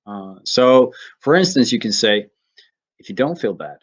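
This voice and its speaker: A man from Sweden teaching English pronunciation, saying each word slowly and carefully and then using it in example sentences. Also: mid-range voice, animated, breathy edge. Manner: slow, careful word-by-word demonstration. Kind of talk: pronunciation lesson.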